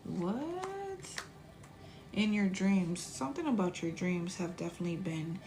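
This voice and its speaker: A woman's voice: lowish voice, a little fast, a little mellow. A woman doing a casual tarot reading, chatty and blunt, sometimes dropping to a whisper and swearing freely. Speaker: tarot reader.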